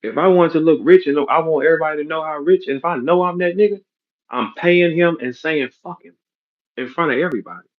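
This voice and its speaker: A man's voice: fairly high pitch, quick pace. A man ranting bluntly in a heated podcast, heavy with profanity and street slang, explaining a business dispute. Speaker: battle rap league owner. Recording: dull lo-fi audio.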